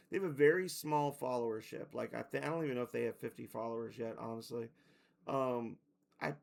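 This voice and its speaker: A gravelly-voiced man chats loosely to his stream viewers, his voice worn and half gone. He rambles, restarts and leans on "like" at a mid pitch. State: losing his voice. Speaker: game streamer. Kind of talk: casual stream chat to viewers.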